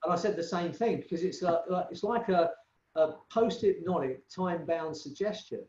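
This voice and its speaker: A middle-aged man talks as an interview guest. He speaks in a fairly high voice, rambling and restarting as he tells stories. His audio comes through an echoey, dull remote line. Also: moderate pace. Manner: warm rambling storyteller with many restarts. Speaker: hypnotherapist guest. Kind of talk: casual interview chat.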